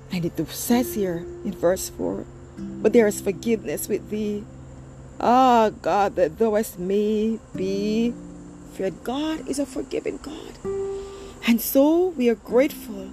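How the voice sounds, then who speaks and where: A woman preaching a sermon in a slow, fervent way, her pitch leaping up and dropping low. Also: lively intonation, mellow, slight background noise, rough recording.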